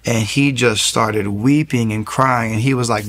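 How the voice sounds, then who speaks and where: A man in his thirties, giving an earnest faith testimony as a guest in fast storytelling with many restarts. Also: medium pitch, fairly even intonation, a bit bright.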